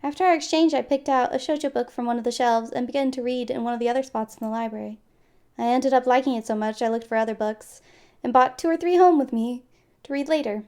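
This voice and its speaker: A woman with a high voice reads a story game aloud and breaks off into chatty, giggly commentary. Her tone is relaxed and casual, like a streamer talking to viewers. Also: fast. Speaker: gaming streamer.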